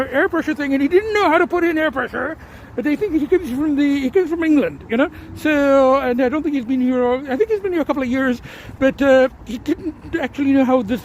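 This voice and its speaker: A man's voice: very high voice, a little hiss or hum. Rambling older man vlogging. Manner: rambling, many fillers and restarts. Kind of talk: casual vlog chat. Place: inside a car at a tire shop.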